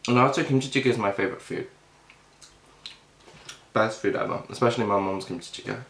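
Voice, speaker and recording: A young mukbang vlogger chats casually while he eats on camera, rambling with lots of fillers and talking with his mouth full. His lowish, gravelly voice is fairly bright and a little fast, recorded in an echoey room with a bit of hiss or hum.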